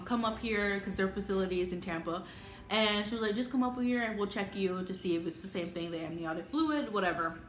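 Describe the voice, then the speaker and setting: A young woman tells her story in a casual, lively way, and her voice jumps up whenever she acts out what people said. Her pitch sits in the middle, and the room around her rings with echo. Faint music plays underneath. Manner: animated, acts out quoted speech in a higher voice. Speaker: vlogger telling her birth story. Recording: echoey room with clear background music.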